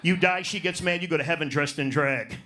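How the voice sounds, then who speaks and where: A man's voice: fairly high pitch, a little fast, sharp tone. A man doing a profane, brash stand-up set in a comedy club, working the crowd. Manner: profane, brash, riffs on audience.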